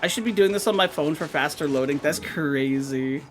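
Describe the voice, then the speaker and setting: A woman streaming a game, chatting casually with her viewers in an excitable, talkative way and swearing now and then. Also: low-pitched, moderate pace, faint music behind.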